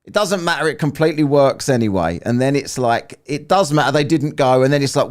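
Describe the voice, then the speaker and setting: Sarcastic man with lively pitch. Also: fairly quick, hardly any pauses. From United Kingdom. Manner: sarcastic, swearing, exasperated. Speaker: host reacting to a stream. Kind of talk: mocking commentary.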